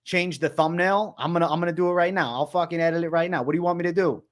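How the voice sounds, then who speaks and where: A young man hosting a livestream, talking excitedly and repeating himself, swearing often and calling his viewers bro. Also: a little high, rapid-fire. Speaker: livestream host. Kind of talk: livestream commentary.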